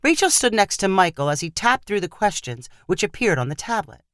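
A woman's voice: medium pitch, fairly quick, dry recording. Woman narrating a story, dry close sound. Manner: steady storytelling read. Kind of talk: scripted narration.

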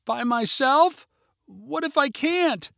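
A man voicing a frightened young girl stranded on a mountain trail, yelling frantically for help. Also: lively intonation, takes it slowly, vocal fry, no room sound, studio quality, heavily acted. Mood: scared. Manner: frantic, high-pitched yelling.

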